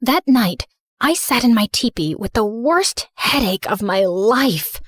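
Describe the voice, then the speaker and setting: A woman's voice: fairly high pitch, animated, measured pace, breathy edge, no room sound, studio quality. Young woman narrating in first person. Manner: earnest, emotional storytelling.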